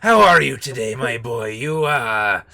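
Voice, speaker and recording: A man's voice: medium pitch, expressive, a little slow, gravelly, bright, forceful tone, dry recording, heavily acted. A man voicing a sly, scheming male alien junk dealer with a slightly nasal, half-hearted put-on voice.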